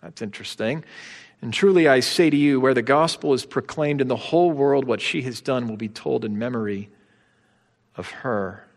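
A man pastor preaching a sermon, swinging between hushed, slow passages and emphatic, rising ones. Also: mid-range voice, gravelly, in a large hall. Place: church sanctuary.

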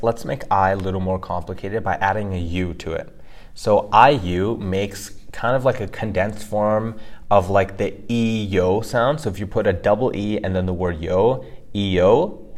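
A man's voice: lowish voice, moderate pace. A man co-hosting a casual podcast lesson, explaining pronunciation and often checking in with "right?". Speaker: co-host teaching pronunciation.

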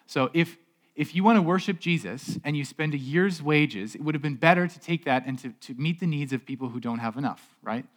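A man preaching a sermon as a pastor in a relaxed, conversational way. He often repeats a word as he goes and asks the congregation rhetorical questions. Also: on the high side, brisk. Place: church stage.

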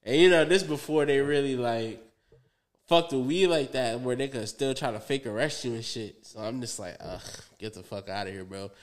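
A young man with a mid-range voice speaks at normal speed as a podcast co-host. He tells a rambling story in loose, profane slang, packed with fillers and asides.

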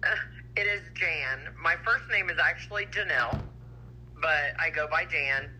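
A woman's voice: deep voice, normal speed, sharp tone, a little hiss or hum, low-quality recording. A woman calling in to a live stream, talking in an effusive, affectionate way. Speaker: caller. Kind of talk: casual call-in chat.

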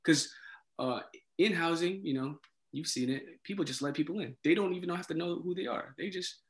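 A man telling a story in casual conversation, animated and acting out the dialogue, with many fillers. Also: a little high, moderate pace. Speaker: former resident assistant.

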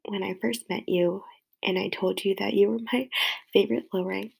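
A woman's voice: mid-range voice, fairly even intonation, normal speed, gravelly, a little mellow, breathy edge, low-quality recording. A young woman crying while reacting to a tribute, flustered and self-mocking, squealing in disgust. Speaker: vlogger.

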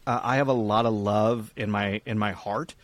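A man's voice: fairly low pitch, steady tone, normal speed. A young man co-hosting a podcast in casual chat, rambling with restarts and swearing freely. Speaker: podcast co-host.

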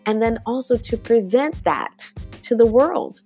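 A woman's voice: a little high, expressive, measured pace, dark tone, husky, faint music behind. A woman hosting a podcast, giving an emphatic motivational monologue and calling her listeners y'all. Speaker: podcast host.

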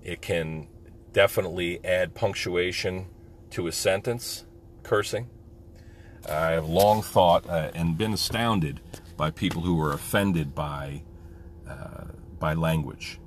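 A man's voice: deep voice, steady tone, takes it slowly, a little hiss or hum. A man and military veteran talking candidly in a casual monologue, rambling with many fillers.

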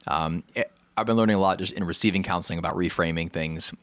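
Very deep-voiced earnest man. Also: fast talker, no echo. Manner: earnest, encouraging, soft-spoken affirmations. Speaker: podcast co-host. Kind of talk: casual podcast chat.

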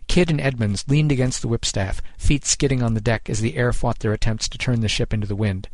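A man giving measured, scripted narration of a short story, close on the mic. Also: mid-range voice, no room sound.

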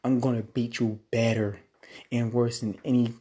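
A man voicing his own menacing wrestler persona, delivering a threatening, boastful promo in a deep, dark voice. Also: level tone, normal speed, slightly rough, natural voice. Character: menacing male wrestler persona taunting a challenger.

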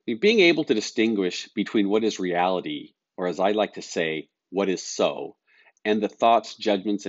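Middle-aged male life coach hosting his own podcast; deep, calm, earnest delivery, recorded dry and a bit dull. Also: no room sound. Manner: calm, earnest, explaining with everyday examples. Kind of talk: solo podcast talk.

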